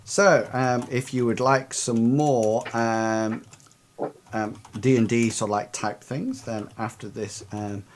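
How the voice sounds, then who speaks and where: A man hosting an online tabletop game stream as game master, speaking haltingly with many fillers as he wraps up. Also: medium pitch, steady tone, slight background noise.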